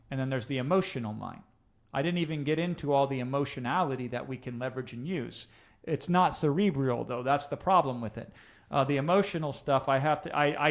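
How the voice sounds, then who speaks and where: A man hosting a live coaching session, talking casually and straight to his listeners, often checking in with "right?" and restarting his sentences as he thinks aloud. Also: mid-range voice. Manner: conversational, addresses listeners directly with tag questions; frequent restarts and fillers while thinking aloud. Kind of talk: live-streamed coaching talk.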